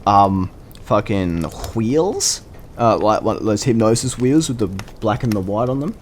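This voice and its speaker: A man telling a personal anecdote in a casual, animated way, swearing often and rambling with fillers. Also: fairly low pitch, unhurried, slight background noise. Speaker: vlogger. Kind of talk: casual storytelling.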